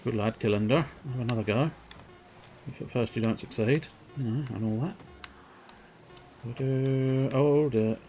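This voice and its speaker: A man giving excitable, self-mocking running commentary on his own gameplay while streaming, sometimes turned away from his microphone. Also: mid-range voice, normal speed, soft background music. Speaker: livestreamer. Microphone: desk microphone, sometimes turned away.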